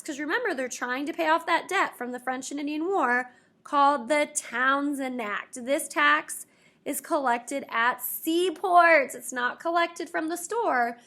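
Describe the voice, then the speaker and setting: A woman teacher giving a lively history lesson to her students, expressive and playful with asides. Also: high-pitched, unhurried.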